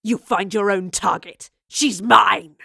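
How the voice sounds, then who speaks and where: A woman's voice: medium pitch, slow, vocal fry, husky, no echo, clean studio sound, full character voice. A woman voicing a cold, intense, menacing man who turns to furious screaming. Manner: cold and calm, then screaming in rage.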